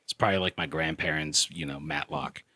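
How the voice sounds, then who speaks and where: A man appearing as a guest on a podcast, reminiscing in relaxed casual chat. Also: rumbling low, fairly quick, background noise.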